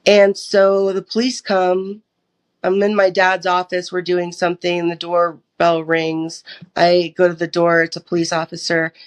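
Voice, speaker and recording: A woman's voice: lowish voice, completely flat delivery, unhurried, smooth. A young woman from the United States sharing a personal testimony as an interview guest, acting out her own past dialogue as she tells it. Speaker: podcast guest.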